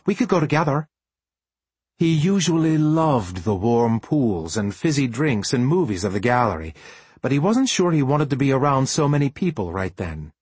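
A man reading a storybook aloud as an audiobook narrator with expressive storytelling. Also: medium pitch, normal speed, husky, no room sound. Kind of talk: scripted narration.

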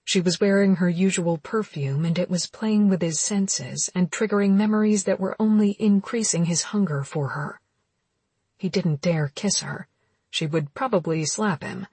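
A woman narrating a romance novel as an audiobook in steady, intimate storytelling. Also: fairly low pitch, moderate pace, husky, dry recording.

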